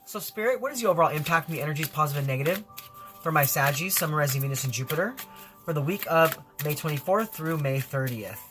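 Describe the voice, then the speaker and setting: A man's voice: on the high side, lively intonation, fast, music in the background. A man giving a spiritual tarot reading in an effusive, rambling way, full of fillers and repeated phrases. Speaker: tarot reader.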